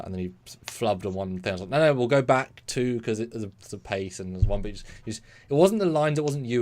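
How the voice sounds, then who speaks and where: A British man co-hosting a casual live stream, talking in animated bursts and acting out little scenes. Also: on the low side, slight background noise. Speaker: co-host.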